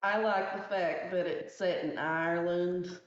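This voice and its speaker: Unhurried low-voiced woman, runs the game, dry jokes; echoey muffled room audio. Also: steady tone, a little hiss or hum. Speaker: speedrunner. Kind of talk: casual commentary over a game run. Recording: dull echoey recording.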